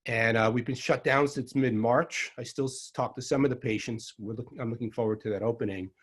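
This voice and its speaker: A man's voice: medium pitch, steady tone, brisk, slightly rough. Dry sarcastic older man with a Long Island accent. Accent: Long Island New York. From Long Island, New York. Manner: dry, sarcastic, rambling with many ums. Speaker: herbal medicine teacher. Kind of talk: online lecture.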